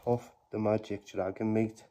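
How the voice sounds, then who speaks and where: A man chatting casually to viewers as he opens card packs, bursting into loud exclamations between quieter mumbled remarks. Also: lowish voice, little pitch movement, a little slow. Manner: slangy, chatty address to viewers. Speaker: YouTuber opening trading card packs. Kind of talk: casual vlog commentary.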